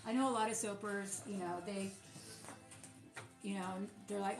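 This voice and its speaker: A woman's voice: mid-range voice, fairly even intonation, normal speed, creaky. Chatty woman in a roomy space. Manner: chatty, rambling, many fillers and restarts. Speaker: small soap business owner. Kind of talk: casual livestream chat while packing orders. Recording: roomy sound with music behind.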